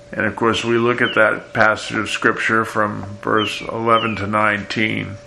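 Older guy preaching slow, flat steady voice, faint hum behind. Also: on the low side, creaky, rough recording. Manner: slow, deliberate, repeats phrases for emphasis. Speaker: pastor. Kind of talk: sermon.

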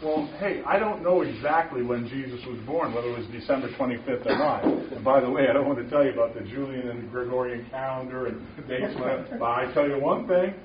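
In a room with a small audience, a male lay preacher at a men's gathering gives an informal, passionate talk, pressing his points and climbing to loud declarations. His mid-range voice sounds reverberant, captured in a muffled, distant recording carrying faint noise.

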